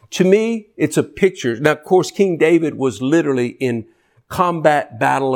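A man preaching a sermon in a folksy way, building to high, excited shouts.

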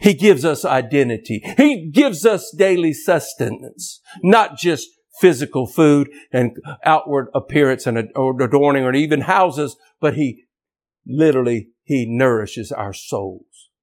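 A man preaching an impassioned sermon, emphatic and repetitive, climbing toward near-shouting on key points. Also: mid-range voice, lively intonation, a little slow.

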